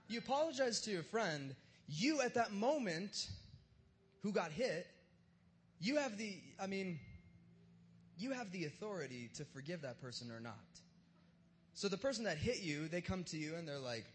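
A pastor giving a sermon at a church service in a casual, joking way, with plenty of slang. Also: male voice, sits high, very animated, moderate pace, pauses often, a little hiss or hum. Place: church service in front of a live crowd.

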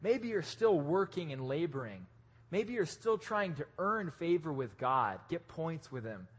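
A man preaching a casual, joking sermon to a live audience, with lively restarts. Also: on the high side, unhurried, breathy edge. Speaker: pastor. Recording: echoey hall.

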